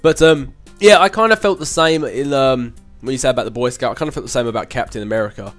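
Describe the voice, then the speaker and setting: A man's voice: medium pitch, fast, fairly bright tone, soft background music. A young man hosting his channel, casually answering viewer questions in a chatty, rambling way with frequent laughs. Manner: chatty, rambling, laughs often, with filler hums. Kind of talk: casual Q&A chat.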